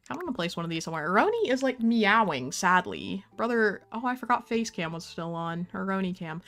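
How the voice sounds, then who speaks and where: A woman's voice: mid-range voice, expressive, fairly quick, creaky, sharp tone, soft background music. A young woman casually chatting on a game stream, playful and talkative, talking to her cat and viewers.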